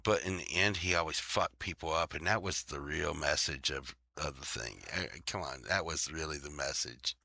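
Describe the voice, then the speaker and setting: A man's voice: a bass voice, normal speed, creaky, few pauses, bright, forceful tone, dry recording. A man hosting a show in casual chat, rambling, swearing freely and laughing often.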